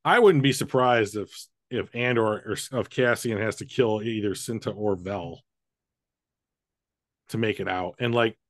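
A man's voice: lowish voice, moderate pace, no room sound, clean studio sound. A man co-hosting a casual chat podcast, rambling through ideas with a lot of swearing and joking. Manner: rambling, swears, jokes about fan topics. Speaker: podcast co-host.

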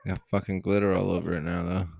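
A man co-hosting a podcast in casual banter, grumpy and deadpan, swearing a lot. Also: deep voice, fast talker, gravelly, dry recording. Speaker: podcast co-host.

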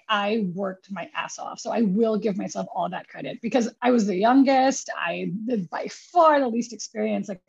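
A young woman film producer with a mid-range, creaky, husky, darkish voice is recorded in dull lo-fi. As a guest in a casual interview, she tells stories in a self-deprecating way, saying "like" constantly.

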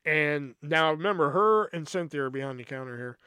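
A man's voice: a little high, expressive, brisk, sharp tone, clear, resonant tone, no echo, clean studio sound. Profane, rambling man telling a story. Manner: profane, rambling, peppers speech with "you know"; retells past conversations with restarts and stammers. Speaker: podcast host telling a personal story. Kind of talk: casual storytelling.

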